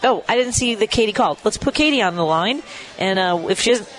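A man with a notably high voice runs a live radio call-in from a restaurant. He chats loosely, laughs often and trips over his own sentences before correcting himself. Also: animated, quick pace, fairly bright tone, poor audio. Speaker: radio host.

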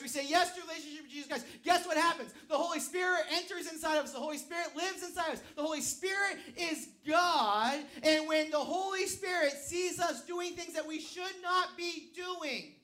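High bright-voiced male pastor preaching. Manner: preaching, rising to shouts, then quiet asides. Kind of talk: sermon with a live object lesson.

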